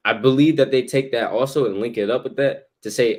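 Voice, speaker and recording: A man's voice: medium pitch, a little fast, a little mellow. A man co-hosting a casual Bible study discussion who talks loosely in slang and laughs often.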